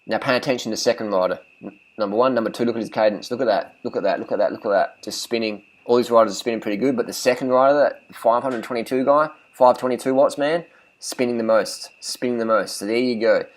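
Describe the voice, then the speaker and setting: A man's voice: medium pitch, fast, rough recording. A man talking casually as a cycling vlogger, giving blunt and profane riding tips, and repeating phrases for emphasis.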